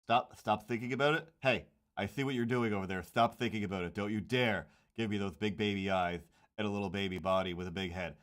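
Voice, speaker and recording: A man's voice: lowish voice, fairly even intonation, fast talker, a bit bright. A man chatting casually while drawing comics on a stream, rambling with jokey mock outrage and slipping into silly voices.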